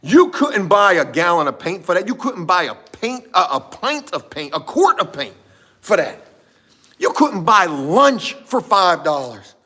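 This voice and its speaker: Animated, profane man telling a story. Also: sits high, unhurried. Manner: animated, profane, shifts from shouting to muttering. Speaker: vlogger telling a work story. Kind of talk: casual storytelling to a live chat.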